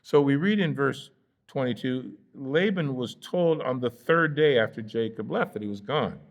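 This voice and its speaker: A man's voice: medium pitch, animated, moderate pace. A man with an American accent, a pastor teaching a Bible study in a conversational way, with fillers and playful asides where he acts out the characters. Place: church sanctuary.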